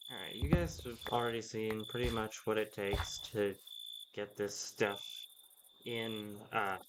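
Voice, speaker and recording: A man giving casual, rambling commentary to his viewers while he plays a game. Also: on the low side. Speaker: gaming video creator. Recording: loud background noise.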